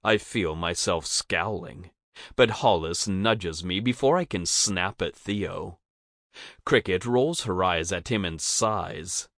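A man reads a first-person audiobook in a steady, even storytelling manner. His voice sits very low and his pace is unhurried. The recording is dry and close on the mic. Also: no room sound.

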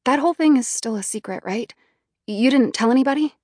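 A woman voicing a confident, pushy teenage girl who talks in a brisk, insistent way. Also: high-pitched, a little mellow, no room sound, studio quality, pitched above the performer's own voice. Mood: pressing.

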